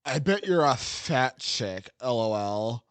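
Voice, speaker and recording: A man putting on the voice of a sweaty, sleazy young man in online chats, slow and leering. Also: mid-range voice, animated, clean tone, no echo.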